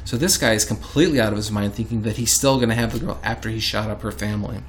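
A man's voice: lowish voice, quick pace, slight background noise. A man reads an old account aloud in a casual chat with a co-host. His delivery leans dramatic, and he stops often to comment.

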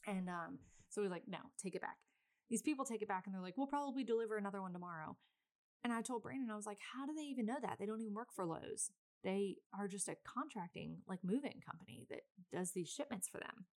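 A woman's voice: medium pitch, animated, quick pace. A woman in her thirties hosting a podcast, telling a rambling, exasperated story in casual chat with lots of fillers. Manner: chatty, rambling, exasperated venting with many fillers. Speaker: podcast host.

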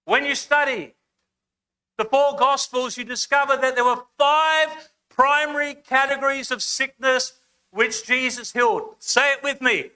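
A man preaching a sermon as a guest preacher, slow and emphatic, having the congregation repeat words after him. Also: extremely high pitch, fairly even intonation, bright, forceful tone, smooth. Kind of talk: sermon with congregation call-and-response. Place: church service, speaking over slides.

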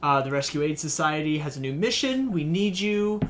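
A man co-hosting a casual chat, animatedly recapping a film's plot with quick asides. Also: fairly high pitch, lively intonation, a bit bright, a little hiss or hum. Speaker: podcast co-host.

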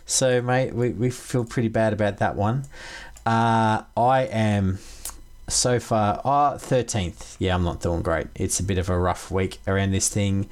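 A man's voice: on the low side, fairly even intonation, unhurried, darkish tone, clean tone. A man hosting a podcast, upbeat and matey, throwing to his co-hosts. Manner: matey, upbeat, calls everyone mate. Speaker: podcast host. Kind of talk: casual podcast chat.

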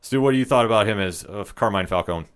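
A man's voice: lowish voice, quick pace, clear, resonant tone. A man hosting a casual film discussion podcast, steering the talk and putting questions to his co-hosts.

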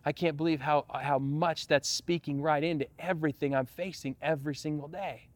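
A pastor telling a personal story in a sermon, lively at times and quiet and prayerful at others. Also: male voice, fairly high pitch, normal speed, dry recording.

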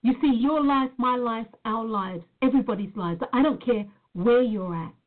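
A woman with a fairly high voice gives an earnest motivational talk as a life coach. She leans on emphatic repeats. The sound is thin and tinny, like a phone line. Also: moderate pace.

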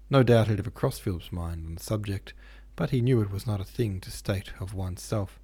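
A man hosting a podcast, reading a classic novel aloud in steady, measured narration. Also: on the low side, husky. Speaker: podcast host and reader. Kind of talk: audiobook narration.

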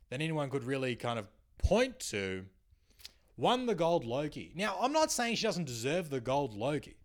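Sarcastic Australian man, lively ranting voice. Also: on the high side. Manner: sarcastic, animated, swears freely. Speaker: podcast host and comedian. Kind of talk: comedic podcast monologue.

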